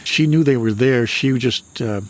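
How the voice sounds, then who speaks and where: A man in his sixties from Michigan, a retired minister telling his own experiences in an earnest, unhurried, matter-of-fact way. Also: medium pitch, a little mellow. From Michigan, USA. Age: 60s. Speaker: retired minister and paranormal author. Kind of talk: personal storytelling in an interview.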